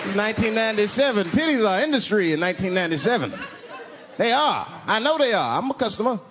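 A brash male stand-up comedian with a high, lively voice that swings all over. He tells stories fast and profanely, and loud crowd laughter runs under the live recording. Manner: brash, profane, animated storytelling. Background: loud crowd laughter and noise.

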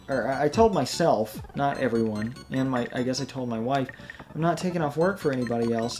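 A young man commentating his gameplay who keeps drifting into venting about his life. He rambles and apologizes for getting worked up, at a middle pitch. Soft game music plays underneath. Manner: rambling, rattled and self-deprecating. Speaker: let's play gamer. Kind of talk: venting commentary while gaming.

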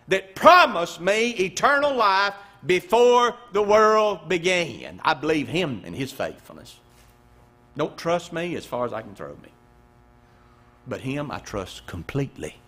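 Male pastor, high and lively voice, emphatic pulpit preaching with sudden soft drops. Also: husky. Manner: preaching with wide swings between loud emphasis and hushed low passages. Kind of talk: sermon. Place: church.

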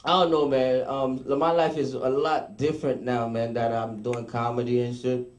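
A man's voice: mid-range voice, level tone, normal speed, echoey room. A man from Haiti doing a stand-up comedy set, chatty and loose, laughing at his own jokes.

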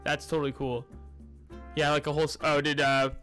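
A young man talks casually on a live game stream, greeting his chat by name and rambling between bites of food. His voice is bright and forceful, sitting a little high for a man. Soft background music plays under him. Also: flat delivery, brisk. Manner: chatty, greets viewers by name, eats while talking.

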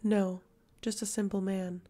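A woman voicing a hollow, silken dark sorceress. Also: medium pitch, little pitch movement, unhurried, natural voice. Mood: hollow, toneless. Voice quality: silken, dead and hollow yet vicious. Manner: soft, breathy, toneless delivery. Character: hollow, eerie young noblewoman wielding dark fire.

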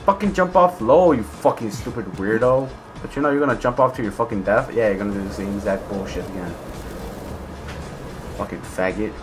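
A young man giving gameplay commentary, swearing, swinging between low mutters and raging shouts. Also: big pitch swings, brisk, soft background music. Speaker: gaming video creator.

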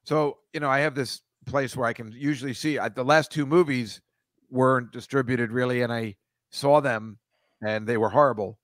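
A man's voice: medium pitch, steady tone, moderate pace, no room sound. A man hosting a comedy podcast, riffing casually with rambling, profane, sarcastic asides.

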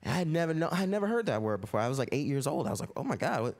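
This young American comic talks very fast in a fairly high voice, acting out stories with big voices, screams and shrieking kids. It's a live stand-up set in a comedy club, with audience laughter and noise audible throughout.

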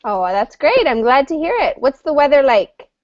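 A woman teaching English to adult learners over a video call, upbeat and chatty, laughing often and explaining slowly. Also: high voice, big pitch swings, no room sound. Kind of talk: online class, friendly chat. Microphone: computer mic on a video call. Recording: dull lo-fi call audio.

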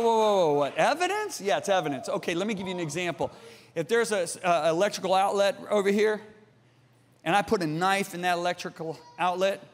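A middle-aged man preaching a sermon, emphatic and animated, swinging between loud and hushed delivery. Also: high-pitched. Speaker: pastor. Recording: long hall reverb.

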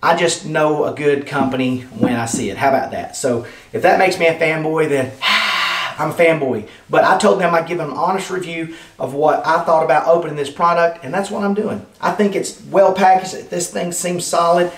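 A man's voice: on the high side, normal speed, fairly bright tone, distant mic. Eager man talking from across a roomy space. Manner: enthusiastic, rambling, addresses viewers as guys. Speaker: product reviewer. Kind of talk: casual unboxing vlog. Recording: roomy sound, off-mic.

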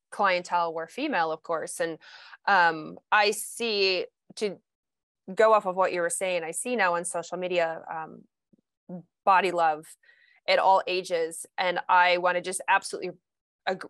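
A woman's voice: lowish voice, a bit bright, clean tone, no echo. A woman hosting a casual interview, talking earnestly and animatedly about her past patients. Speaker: host.

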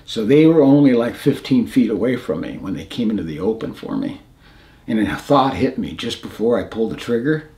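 A man in his seventies from the United States, telling war memories in an interview in a halting, plain-spoken way, often restarting, his voice going hushed at grim moments. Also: mid-range voice, animated. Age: 70s. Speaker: veteran interviewee. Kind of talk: recounting combat memories in an interview.

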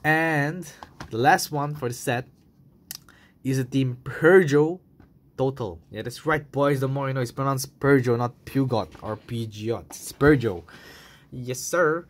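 A man's voice: mid-range voice, measured pace. A young man casually reviewing toy cars in a chatty, enthusiastic vlog style, full of fillers.

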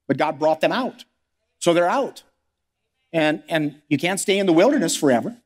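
High-voiced preaching man in reverb. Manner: preaching with rhetorical questions, acting out the voices of struggling believers. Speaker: pastor. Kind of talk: sermon. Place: church sanctuary.

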